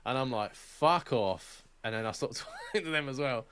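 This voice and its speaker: A man's voice: medium pitch, fast talker, fairly bright tone, a little hiss or hum. A young man co-hosting a podcast, telling stories in casual, sweary chat and laughing often. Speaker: podcast co-host.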